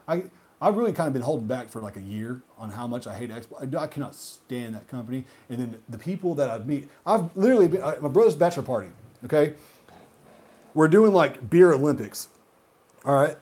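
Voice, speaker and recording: A man hosting a gaming video who rants heatedly and profanely, swinging between loud outbursts and muttered asides. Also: mid-range voice, lively intonation, brisk, husky. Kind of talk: solo rant monologue.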